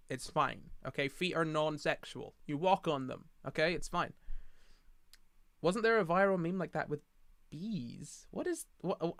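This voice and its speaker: Young male streamer from the UK, tired and rambling, with a slightly high voice and a dry, close sound. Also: fairly bright tone, no echo. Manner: rambling, self-mocking, reading chat aloud. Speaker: livestream host. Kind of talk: casual livestream chat.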